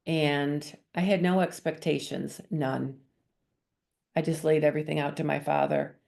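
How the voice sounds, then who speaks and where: A woman's voice: low-pitched, creaky, a little mellow. A woman telling her personal faith testimony as a guest author, earnest and emotional in her storytelling.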